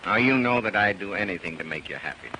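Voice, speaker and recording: A man's voice: deep voice, lively intonation, quick pace, sharp tone. An actor playing a dry, sarcastic wealthy industrialist father in a 1930s film. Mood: wry. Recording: noisy old film soundtrack.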